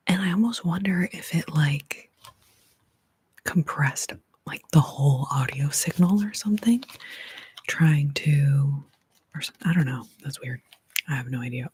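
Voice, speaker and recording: A woman hosting an ASMR stream in a breathy whisper, chatting in a rambling way that sometimes fades to almost nothing. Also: on the low side, expressive, unhurried, a little mellow. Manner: rambling, chatty, drops to near-inaudible whispers. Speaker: ASMR host.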